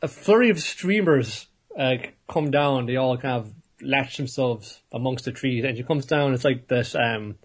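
A man's voice: medium pitch, measured pace, few pauses, slightly rough. A man co-hosting a podcast, recapping anime episodes in casual chat, laughing and acting out characters. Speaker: podcast co-host.

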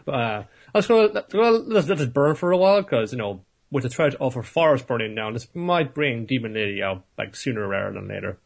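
A man with a husky, slightly rough voice recaps cartoon episodes with friends. He laughs often and breaks into goofy impressions of the characters while telling the story. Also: medium pitch, lively intonation, fairly quick, hardly any pauses. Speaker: podcast co-host. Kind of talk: casual anime recap chat.

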